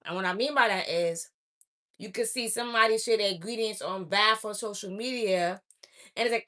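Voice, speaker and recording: Bright, blunt woman giving a spiritual pep talk. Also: mid-range voice, normal speed. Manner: blunt preachy admonishing, repeats phrases. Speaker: spiritual oracle reader. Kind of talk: direct-to-camera spiritual message.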